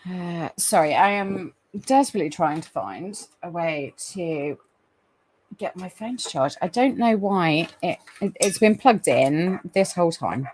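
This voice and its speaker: A woman's voice: fairly low pitch, expressive, measured pace, a little mellow, a little hiss or hum. A woman hosting a casual live stream, chatty and apologetic, with lots of ums and restarts. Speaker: livestream host.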